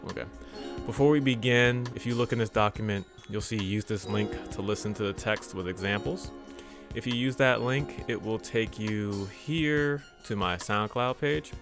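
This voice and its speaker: A young man teaching English pronunciation in a casual video lesson, chatty and relaxed, acting out robotic versus smooth phrases. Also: on the low side, normal speed, music in the background. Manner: demonstrates phrases with exaggerated robotic and smooth readings; relaxed, chatty, laughs at himself.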